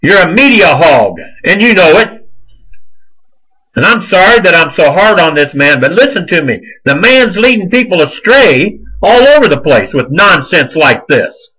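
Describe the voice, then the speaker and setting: A man rants and scolds like a preacher on his own show. His voice sits high and leaps wildly up and down, with a bright, forceful edge that stays heated throughout. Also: big pitch swings, measured pace, breathy edge, poor audio. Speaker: show host. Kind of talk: fiery religious commentary monologue.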